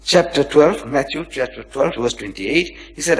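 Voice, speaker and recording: A man with a gravelly mid-range voice lectures on religion at a moderate pace, expressive and barely pausing, over poor audio. He reads verses and interprets them dramatically, asking rhetorical questions, voicing quoted speech, and shifting between loud emphasis and near-whispers.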